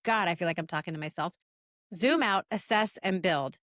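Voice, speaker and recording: A woman in her forties co-hosting a casual business podcast, chatty and animated as she tells stories. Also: lowish voice, normal speed, no room sound, clean studio sound. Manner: storytelling, chatty, animated retellings. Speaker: podcast co-host.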